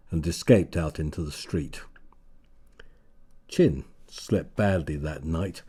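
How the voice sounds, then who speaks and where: A man narrating a story in a calm, measured reading voice. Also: low-pitched, husky.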